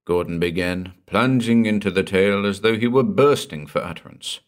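A man narrating a horror story for an audiobook in a dramatic, expressive storytelling manner. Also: lowish voice, normal speed, few pauses.

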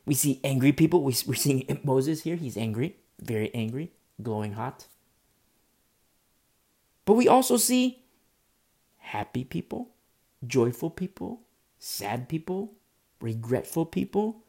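A man's voice: medium pitch, big pitch swings, a little slow, pauses often, mellow. A man preaching a sermon in an impassioned way, repeating himself, restarting phrases and making asides to the congregation.

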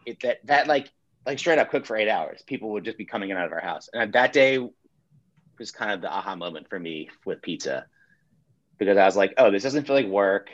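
A man's voice: fairly low pitch, lively intonation, fairly quick, a bit bright, no room sound, lo-fi sound. A man and pizzeria owner telling his story in a casual chat, laid-back, swearing freely and acting out quotes.

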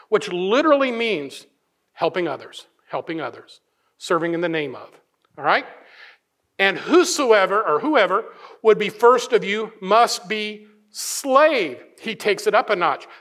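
A male pastor giving a sermon, animated, often restarting phrases and acting out the voices of people he quotes. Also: sits high.

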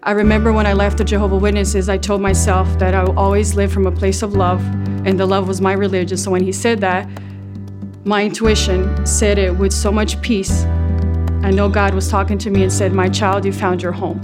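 Earnest woman over soft guitar. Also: mid-range voice, little pitch movement. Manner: earnest, heartfelt, slightly halting. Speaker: congregation member giving a testimony. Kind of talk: spoken testimony. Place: church. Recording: soft guitar playing behind her.

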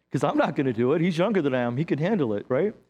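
A middle-aged man, a pastor, preaching a sermon in a church with lively, joking storytelling. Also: on the high side, breathy edge.

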